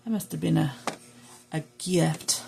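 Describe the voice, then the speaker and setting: A woman's voice: low-pitched, unhurried, vocal fry, dark tone, a little hiss or hum. A middle-aged woman with a Southern US accent, chatting casually and rambling to viewers while she journals. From Southern United States. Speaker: journaling vlogger. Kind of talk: casual chat while crafting.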